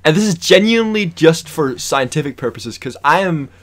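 A man's voice: on the high side, expressive, moderate pace, fairly bright tone. A man co-hosting a casual podcast, giggling and restarting his sentences often. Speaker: podcast co-host. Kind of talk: casual chat.

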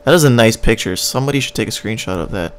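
This gaming channel host is a Canadian-accented man whose casual commentary rambles and jokes along with his play, broken up now and then by hummed and scatted tunes. He talks fast in a lowish voice with lively intonation, over a little hiss or hum.

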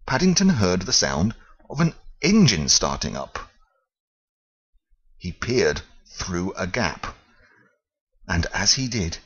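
A man reading a children's story aloud, halting at times and explaining old-fashioned words. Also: sits low, fairly bright tone, breathy edge, muffled recording. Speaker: reader.

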